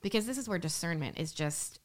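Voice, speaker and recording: A woman talking as a podcast guest in a casual, animated way, with lots of "like" fillers. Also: on the low side. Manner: animated, fast, many "like" fillers. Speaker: guest, Catholic entrepreneur and business coach.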